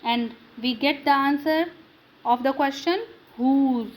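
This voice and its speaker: Woman grammar teacher, non-native English; high, measured delivery that asks then answers its own questions. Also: low-quality recording. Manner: slow, drilling questions and answers to students. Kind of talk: classroom grammar lesson.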